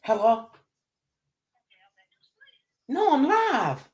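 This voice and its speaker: A woman's voice: high-pitched, big pitch swings, very slow. Laughing woman hosting a live stream. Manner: laughs often, calls on the Lord, swears freely. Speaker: live stream host reading chat. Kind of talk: casual live stream chat.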